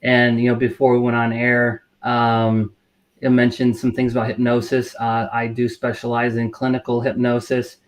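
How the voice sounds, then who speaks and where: A middle-aged man, a mental health counselor, answering interview questions in a measured way, full of fillers and restarts. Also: mid-range voice, completely flat delivery. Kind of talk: interview guest.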